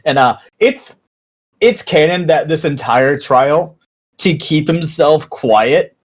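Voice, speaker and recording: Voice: mid-range voice, expressive, takes it slowly. Player, bubbly and giggly, casual. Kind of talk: casual tabletop play.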